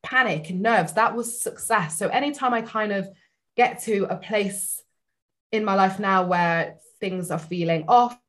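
Woman, podcast guest, casual heartfelt chat, animated, filler-heavy. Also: measured pace. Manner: animated, says "like" and "you know" a lot, rises in pitch when moved.

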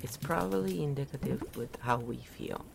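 A woman's voice: extremely low pitch, lively intonation, normal speed, vocal fry, noisy background. A woman from Italy giving a casual, rambling spiritual talk, often laughing at her own jokes. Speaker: podcast host.

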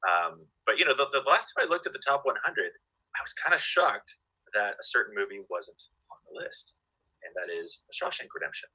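A man's voice: fairly low pitch, very animated, brisk, pushed and bright, slightly rough, poor audio. A man chatting casually as a guest, telling stories with lots of fillers and restarts. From Southern California. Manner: enthusiastic storyteller, many fillers and restarts. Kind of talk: casual chat.

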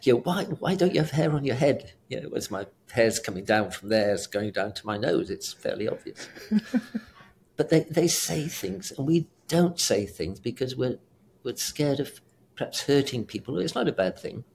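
A man's voice: mid-range voice, expressive, moderate pace, gravelly, slight background noise. An older man with a British accent, a retired doctor rambling and chuckling as an interview guest. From South Africa. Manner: rambling, chuckling, self-correcting. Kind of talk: casual interview chat.

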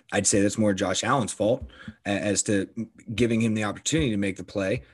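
A man co-hosting a casual sports podcast, animated and profane, teasing his friend, his voice jumping up when excited. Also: lowish voice, fairly quick, breathy edge. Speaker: podcast co-host.

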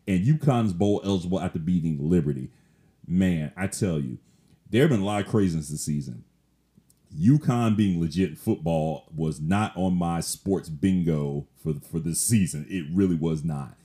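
Deep-voiced man hosting a sports podcast. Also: normal speed, dark tone. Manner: casual, rambling, filler-heavy delivery. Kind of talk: solo sports podcast rundown.

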